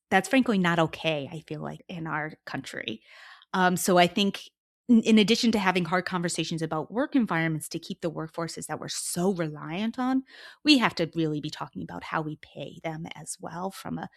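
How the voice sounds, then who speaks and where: A woman's voice: on the low side, vocal fry. Earnest woman researcher speaking as a guest. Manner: earnest, laughs easily, sometimes trails to a quiet tone. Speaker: researcher and social worker, podcast guest. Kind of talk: conversational interview answers.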